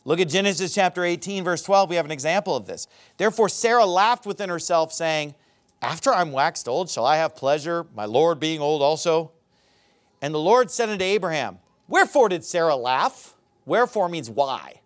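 A man preaching a sermon, reading scripture and acting out quotes in a mocking, animated way. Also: a little high, moderate pace. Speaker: pastor.

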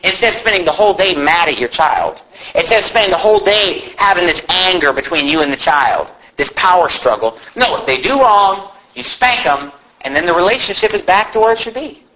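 High voiced preacher guy, swoops all over, muffled lo-fi recording. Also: fairly quick. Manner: animated preaching with mocking shouted impressions. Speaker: pastor. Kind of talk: sermon.

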